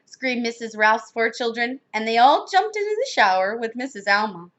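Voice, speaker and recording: A woman reads a children's storybook aloud with expressive delivery. Her voice sits high and moves in a lively, animated way. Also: normal speed, highs cut off. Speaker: reader.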